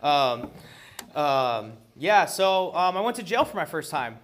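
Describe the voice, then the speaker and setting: A man sharing his story at a recovery meeting in a slightly higher-pitched voice. His telling is loose and profane, with plenty of ums and you-knows. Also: very animated, a little slow, fairly bright tone, slight background noise. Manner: loose and profane, heavy with fillers. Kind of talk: casual personal share.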